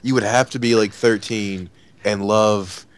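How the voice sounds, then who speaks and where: A man's voice: lowish voice, fairly even intonation, measured pace, clear, resonant tone. Blunt, cursing man in casual chat. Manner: blunt, profane. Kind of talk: casual chat about video games.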